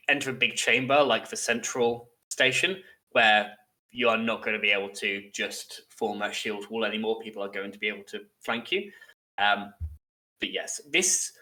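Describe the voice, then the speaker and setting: A man's voice: fairly low pitch, sharp tone. A man narrating as game master, explaining in a loose way with plenty of fillers.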